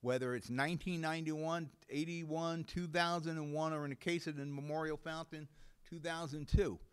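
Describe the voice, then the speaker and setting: A man's voice: fairly high pitch, fairly even intonation, normal speed, smooth. A man hosting a local talk show, ranting bluntly and indignantly with some cursing. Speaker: host.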